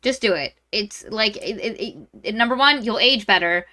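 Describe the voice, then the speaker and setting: Podcast co-host, woman, bright tone, animated storyteller who voices characters' lines. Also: mid-range voice, normal speed. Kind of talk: casual book review chat.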